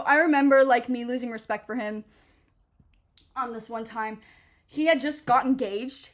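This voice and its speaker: A young woman tells a casual storytime vlog. She talks with a fairly high voice, swears freely and drops "like" and "um" all the time, with a sarcastic, animated edge. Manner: profane, animated and sarcastic, lots of fillers like "like" and "um". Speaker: vlogger.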